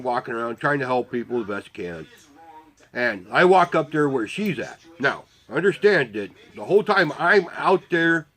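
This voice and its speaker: A man's voice: medium pitch, bright, forceful tone. Rambling, foul-mouthed man telling a story. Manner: profane, rambling, swears constantly; quotes himself and others in dialogue. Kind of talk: casual storytelling.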